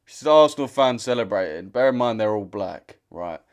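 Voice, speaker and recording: Brief: young British male streamer, low-ish pitch, blunt slangy chat, repeats himself. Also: animated, a little fast. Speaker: trading livestream host. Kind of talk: casual livestream chat.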